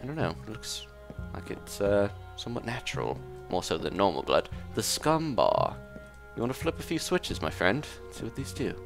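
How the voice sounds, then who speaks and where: A man's voice: on the low side, very animated, normal speed, gravelly, over music. A man hosting a gaming video in character as a pompous detective, with a put-on English accent and a jokey manner. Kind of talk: in-character let's play commentary.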